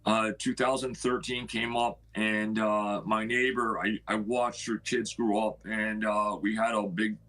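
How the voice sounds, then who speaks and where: A man, the owner of the house, telling an emotional personal story in a halting way and acting out what people said to him. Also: on the low side, flat delivery, a bit bright, poor audio. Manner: emotional, halting, acts out quoted dialogue.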